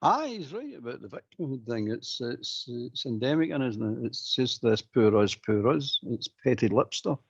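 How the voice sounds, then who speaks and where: Gravelly blunt Scottish caller. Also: male voice, medium pitch, very animated, moderate pace, hardly any pauses, no room sound, muffled recording. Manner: blunt, mocking, laughs as he talks. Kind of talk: blunt phone-in chat.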